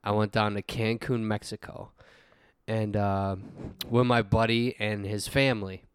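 A man's voice: on the low side, flat delivery, unhurried, clear, resonant tone, no echo, clean studio sound. A man in his thirties from the United States, telling a drunken story on a podcast, swearing heavily and laughing through it. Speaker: podcast co-host. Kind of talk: casual storytelling.

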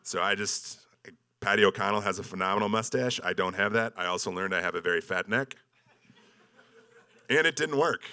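A man with a deep voice and a bright, forceful edge tells an expedition story over slides. His delivery is loose and humorous, and he pokes fun at himself. Frequent ums and likes fill his speech. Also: fairly quick, pauses often. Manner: joking, self-deprecating, with many ums and likes. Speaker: speaker presenting an expedition slideshow. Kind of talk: casual storytelling talk with slides.

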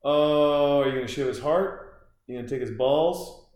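A man's voice: fairly high pitch, moderate pace, a little mellow, roomy sound. A man hosting a podcast in casual chat, rambling loosely with lots of fillers and restarts. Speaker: podcast host. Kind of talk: casual chat, reacting to a film while drinking beer.

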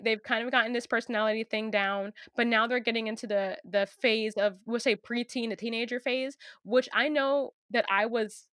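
A young woman hosting a casual podcast interview with her mother, chatty and quick to laugh, speaking straight to her listeners. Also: fairly high pitch, no room sound, studio quality. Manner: chatty, laughs easily, talks to listeners directly. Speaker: podcast host.

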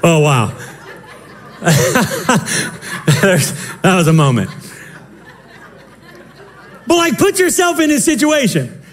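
A young male pastor delivers a playful, theatrical sermon. His voice sits high and swings widely, acting out the scenes and breaking into laughter. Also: wildly swooping pitch, takes it slowly, pauses often. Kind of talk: lively Easter sermon.

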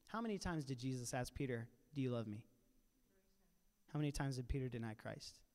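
A man retelling a scripture story in a casual, animated sermon style at a church panel. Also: mid-range voice, a little fast. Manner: animated, casual retelling with playful voiced asides. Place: church auditorium. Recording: long reverb of a large hall.

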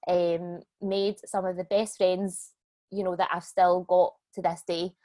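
A Scottish woman in her thirties, a business owner chatting as a podcast guest, relaxed and self-deprecating, laughing often. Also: fairly low pitch, a little slow. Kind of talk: casual podcast chat.

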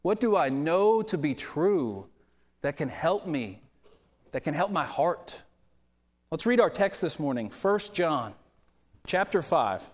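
Speaking from a church sanctuary, this male preacher tells a story conversationally within his sermon, becoming animated as he quotes others. His pitch is fairly high, and he moves slowly with frequent pauses, all wrapped in the long reverb of a church hall.

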